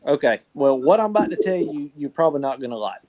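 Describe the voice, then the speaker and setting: A man with a thick Southern US accent talks bluntly and folksily in a casual podcast chat. His voice sits high for a man. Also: very animated, fast talker, crowd noise, poor audio. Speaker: guest on fan podcast.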